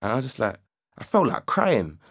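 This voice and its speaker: A young man telling a story casually on a livestream, slangy and animated, climbing into agitated outbursts as he relives it. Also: medium pitch, moderate pace, creaky. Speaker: livestream host. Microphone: studio microphone with audio interface.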